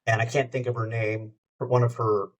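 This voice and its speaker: A man's voice: medium pitch, flat delivery, a little fast. A middle-aged man, a radio host, telling anecdotes in a casual chat and wandering from one story to the next. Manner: rambling, jumps between anecdotes. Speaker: radio show host, podcast guest.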